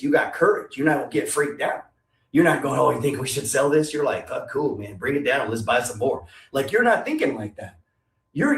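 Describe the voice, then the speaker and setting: A middle-aged man giving a blunt, profane motivational talk on investing, full of rhetorical questions. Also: on the high side. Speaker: investing coach. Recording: echoey room, distant from mic.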